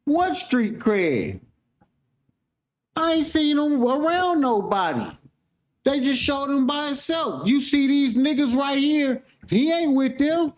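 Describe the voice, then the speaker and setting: A man from San Francisco hosts a reaction show in loose, casual talk. His voice sits high for a man. He sounds heated and incredulous, swearing freely as he questions what he sees. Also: big pitch swings, slow.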